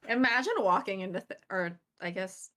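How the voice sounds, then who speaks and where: Bright-voiced woman with deadpan teasing. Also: mid-range voice, moderate pace. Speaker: co-host of a game stream. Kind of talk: casual gaming stream chat.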